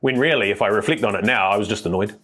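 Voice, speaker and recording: A man, a mindset coach, explaining ideas as a guest in a podcast interview, quick and emphatic, with stories from the farm. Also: lowish voice, bright, forceful tone, faint music behind.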